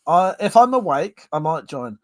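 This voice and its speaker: A man's voice: a little high, big pitch swings, a little mellow, no echo. An English man hosting a casual drinking livestream and reading viewer comments aloud, joking, laughing and swearing freely, with a drink in hand. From Buckinghamshire, England. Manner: jokey and laughing, swears freely, drawn-out repeated agreements. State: having a drink. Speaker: livestream host.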